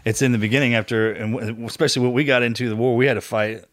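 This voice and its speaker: A man's voice: medium pitch, fairly even intonation, fairly bright tone, dry recording, clean studio sound. A man hosting a casual podcast chat, joking with fellow veterans. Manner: quick, joking banter.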